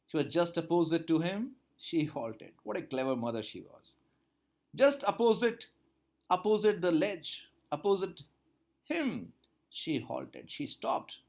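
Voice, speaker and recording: Teacher guy going thru a story line by line, voice jumps up and down a lot, kinda high for a man. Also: vocal fry. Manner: reads a line, then repeats and paraphrases it with rising emphasis. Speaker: English teacher. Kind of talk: explaining a textbook chapter line by line.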